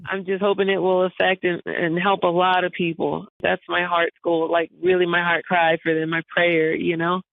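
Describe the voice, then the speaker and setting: A woman's voice: on the low side, little pitch movement, moderate pace, creaky, few pauses, dry recording. A woman being interviewed as an author, speaking with joyful religious fervor and laughing often. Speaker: author guest. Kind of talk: phone interview. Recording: tinny phone line.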